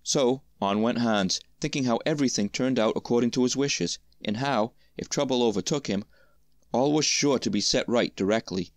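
A man reading a fairy tale aloud as storyteller, in a measured, even manner. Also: mid-range voice, no room sound, clean studio sound.

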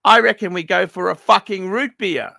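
A man's voice: high voice, moderate pace, vocal fry, pushed and bright. A middle-aged man giving a blunt, profane, ranting review of a viewer's watch collection. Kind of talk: unscripted paid review monologue.

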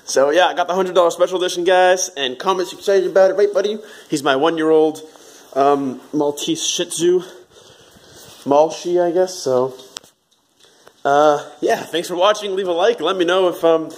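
A man casually vlogging to camera about a purchase. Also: normal speed. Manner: high, gushing baby-talk to his puppy. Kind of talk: casual vlog talk to camera.

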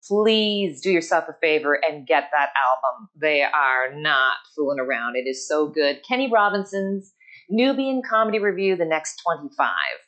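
A woman's voice: lowish voice, a bit bright. A woman host closing out her show, thanking her guests and reading a few quotations. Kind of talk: show outro monologue.

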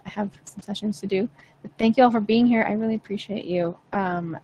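A woman's voice: mid-range voice, slight background noise, poor audio. A woman vocal coach chatting casually with viewers in a live Q&A, encouraging and full of fillers. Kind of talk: live-stream Q&A chat.

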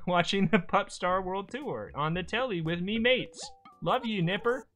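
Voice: medium pitch, animated, measured pace, fairly bright tone. A streamer voicing a cheerful old grandfather with a put-on British accent, reading a storybook aloud, with game music behind. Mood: jolly. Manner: jolly, folksy.

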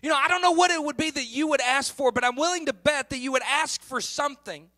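A man's voice: extremely high pitch, fast, hardly any pauses, bright, forceful tone. A middle-aged man preaching a sermon in a conversational style that rises to emphatic peaks. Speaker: pastor.

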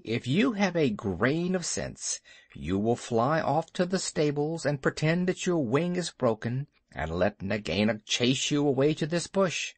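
A man voicing a brave young male mongoose who talks in a sharp, urgent, scolding way. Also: on the high side, dry recording.

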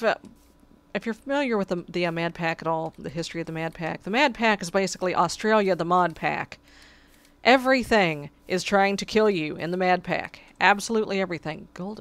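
A woman with a medium-pitched, somewhat bright voice comments on a video game as she plays. She's chatty and sarcastic, snapping back at the creatures in exasperation.

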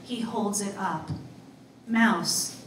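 Slow, measured woman reading aloud. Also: mid-range voice, steady tone, noisy background. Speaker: author reading her story. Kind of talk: literary reading. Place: live reading event. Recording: roomy, distant mic, faint ambience.

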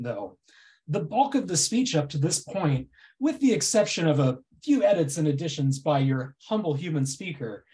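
Presenter, mock-enthusiastic and dryly sarcastic, warm low-key tone. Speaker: presenter at a club meeting. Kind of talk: prepared comic speech.

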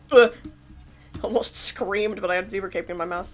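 A woman casually commentating a game she is playing, excitable and jokey, laughing often and yelping when things go wrong. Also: mid-range voice, moderate pace, pauses often. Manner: excitable, laughing, swearing, yelps in panic. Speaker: gameplay commentator. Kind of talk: casual let's-play commentary.

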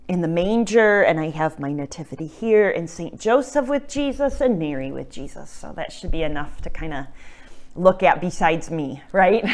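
A woman hosting a religious talk show from her home, teaching in a gentle, casual way with many ums, her voice slightly cracking from disuse. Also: lowish voice. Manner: soft-spoken, gentle, with frequent ums and self-corrections. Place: at home, indoors.

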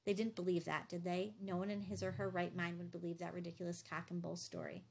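Low, gravelly woman narrating a novel. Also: fairly quick, few pauses. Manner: steady storytelling delivery. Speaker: audiobook narrator. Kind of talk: scripted first-person narration.

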